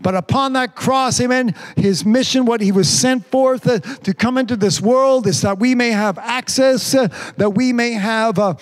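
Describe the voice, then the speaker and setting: A man's voice: very high voice, normal speed, hardly any pauses. A man preaching a sermon with fervor, often saying amen and hallelujah and calling on the congregation to answer him. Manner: fervent, repeats amen and hallelujah; calls for congregation responses.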